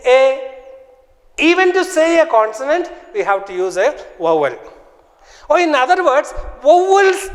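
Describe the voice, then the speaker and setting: A man teaching a phonics lesson, repeating sounds and example words slowly and with care. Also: very high-pitched, big-room sound. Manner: slow, repetitive, drills words aloud. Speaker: English teacher.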